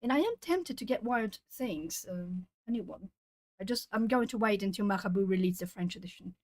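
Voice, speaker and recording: A woman's voice: mid-range voice, expressive, brisk. A woman with Portuguese as her hosts an art stream at home. She chats casually with viewers while she colours, musing aloud as she goes. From Brazil.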